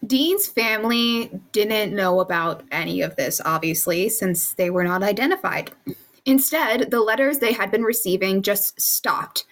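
A woman co-hosting a podcast, reading out case details in steady, measured narration. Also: medium pitch. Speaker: podcast co-host presenting the case.

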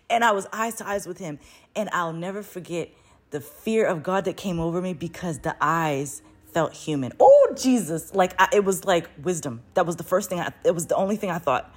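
An adult woman telling a personal story in a casual, animated way, swearing freely and laughing often as she talks. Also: fairly low pitch, normal speed, breathy edge. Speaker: vlogger.

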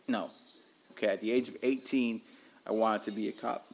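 A man's voice: lowish voice, steady tone, normal speed, slight background noise. A man in his forties with a Miami accent, hosting a podcast and telling stories in a rambling, profane, frank way. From Miami, Florida. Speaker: podcast host. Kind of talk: casual storytelling monologue.

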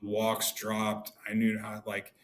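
A man's voice: lowish voice, slow pace. A man in his thirties, a guest on a podcast, telling stories casually and acting out the lines of people he quotes. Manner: animated, acts out quoted dialogue. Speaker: podcast guest, former pro pitcher. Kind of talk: casual storytelling.

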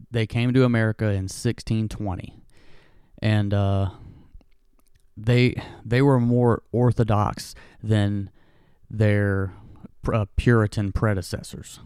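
Rambling man with a low, smooth voice. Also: mellow, dry recording, studio quality. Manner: rambling, jokey asides, many fillers. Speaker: history talk host. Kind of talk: casual history monologue.

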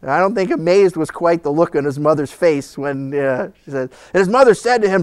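Middle-aged guy preaching, high voice, dry close sound, acts out the story. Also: brisk, hardly any pauses, clear, resonant tone, dry recording. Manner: animated storytelling, acting out voices with laughs. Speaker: pastor. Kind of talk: Bible teaching sermon.

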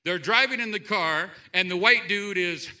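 A man preaching a sermon to a church congregation, animated, swinging between loud outbursts and quiet asides. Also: high-pitched, moderate pace. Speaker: pastor. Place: church sanctuary.

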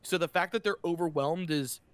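A man's voice: on the high side, a little fast, a bit bright, no room sound. A man narrating a tabletop game as game master, talking casually and describing scenes loosely with fillers and restarts.

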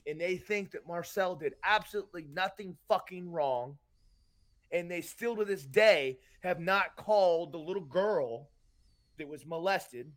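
A man's voice: sits high, unhurried. A man from Tampa, Florida, co-hosting a podcast, ranting angrily with heavy swearing. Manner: angry, profane, emphatic. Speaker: podcast co-host. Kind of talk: heated podcast rant.

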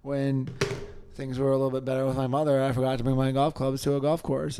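A man co-hosting a sports podcast in casual chat, loose in manner, swearing now and then and dropping into quiet asides. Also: mid-range voice, monotone, quick pace, smooth. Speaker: podcast co-host.

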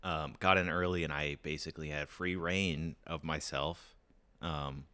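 Deep-voiced tired young man chatting. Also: steady tone, unhurried, sharp tone, clear, resonant tone, dry recording. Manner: rambling, upbeat, lots of fillers. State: tired voice that cracks. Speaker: podcast co-host. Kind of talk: casual podcast chat.

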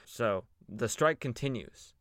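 Slow and animated, a young man hosting a podcast recaps a funny story in a loose, filler-heavy way, acting out the quoted characters with playful voices. His voice is mid-range and a bit bright, and the sound is clean and studio-like with no echo.

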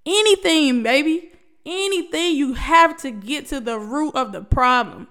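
A woman's voice: high voice, lively intonation, a little slow, fairly bright tone. A woman giving an emotional, preachy motivational talk to her viewers, calling them baby and y'all as she urges them to open up. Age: adult, past college. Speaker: vlogger. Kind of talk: heartfelt motivational talk to camera.

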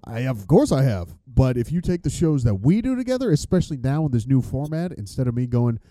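Male host, dark voice, swings up and down a lot, swears, wanders off topic; dry close sound. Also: mid-range voice, very animated, brisk, dry recording. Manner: rambling, profane, loses his train of thought. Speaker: podcast host. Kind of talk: casual chat.

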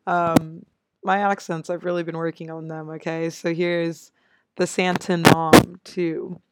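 A woman's voice: on the low side, little pitch movement, unhurried, very noisy. A young American woman hosting her own show, chatting casually and upbeat with frequent laughs. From United States. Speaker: podcast host. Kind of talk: casual solo chat.

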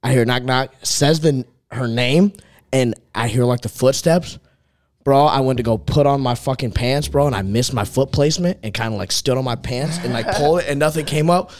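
A man's voice: mid-range voice, moderate pace, a little mellow, dry recording. A young man in casual chat, telling profane, rambling stories as a podcast co-host.

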